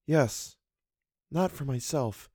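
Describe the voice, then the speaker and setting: Male reader playing a timid young woman in a storybook reading, quiet and fearful, dry close recording. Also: mid-range voice, slow pace, slightly rough, dry recording, voice pushed up. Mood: hushed, fearful. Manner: soft, hushed. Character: frightened tender young woman, soft-spoken.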